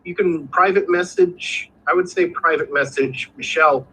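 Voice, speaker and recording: A man's voice: a little high, normal speed, bright, forceful tone, a little hiss or hum, rough recording. A man co-hosting a video call chat who reads out viewer questions, speaking hesitantly with many fillers. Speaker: co-host reading viewer questions.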